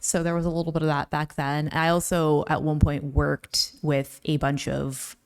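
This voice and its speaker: A woman's voice: low-pitched, level tone, normal speed, clear, resonant tone. A woman co-hosting a reaction video, talking thoughtfully with many "like"s. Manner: thoughtful, hedging with "like" and "um". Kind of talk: casual chat.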